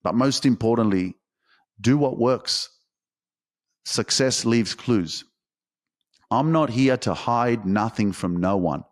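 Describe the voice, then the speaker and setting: A man's voice: mid-range voice, takes it slowly, long pauses. A man hosting a podcast, talking in an intense, emphatic motivational monologue full of swearing. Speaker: podcast host.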